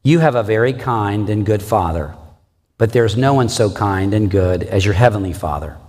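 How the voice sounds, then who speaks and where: Pastor reading a dying old general's last words, calm and low, in a long-echo church. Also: male voice, moderate pace, close to an everyday voice. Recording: reverberant church hall.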